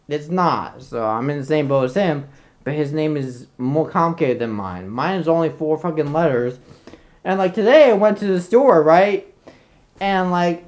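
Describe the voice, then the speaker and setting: A man giving casual reaction commentary as a content creator, rambling, excitable and swearing a lot. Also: fairly high pitch.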